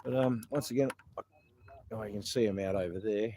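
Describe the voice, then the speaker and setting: With a fairly low, mellow voice and a slightly fast pace, an Australian protest livestream host rambles outdoors, swearing freely and laughing often in a chatty, casual way. A little hiss or hum sits under the recording.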